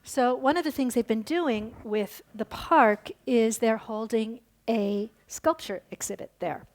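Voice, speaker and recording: A woman's voice: fairly high pitch, unhurried, a little mellow. A woman giving a conference lecture, telling a story and then explaining it, with fillers and restarts. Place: lecture hall.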